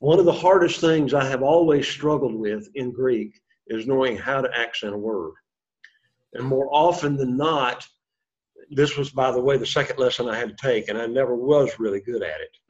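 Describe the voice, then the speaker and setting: A man's voice: medium pitch, moderate pace. A man teaching a classroom lesson, explaining step by step, quizzing the class and encouraging them. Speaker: Greek teacher. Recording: dull lo-fi sound.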